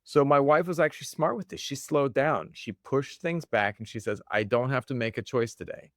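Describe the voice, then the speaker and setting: A man's voice: medium pitch, moderate pace, no echo. Chatty self-mocking man, dry sound. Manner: self-deprecating, chatty, laughs often. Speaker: podcast host. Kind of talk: casual motivational monologue.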